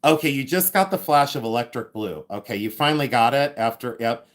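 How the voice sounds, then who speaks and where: A man hosting a casual live stream, chatting excitedly, thanking viewers and thinking aloud with frequent restarts. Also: medium pitch, a little fast. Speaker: livestream host and reseller.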